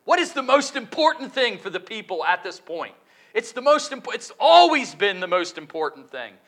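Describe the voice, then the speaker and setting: A man preaching a sermon, working through a verse with lots of questions to his listeners and slow, stressed quotations. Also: sits high. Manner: questioning, lively emphatic delivery with drawn-out quotes.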